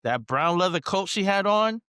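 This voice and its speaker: A man co-hosting a podcast, talking in a relaxed, casual way with lots of fillers. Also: high voice, moderate pace, smooth, dry recording, studio quality. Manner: relaxed, conversational, many fillers. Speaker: podcast co-host. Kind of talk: casual chat.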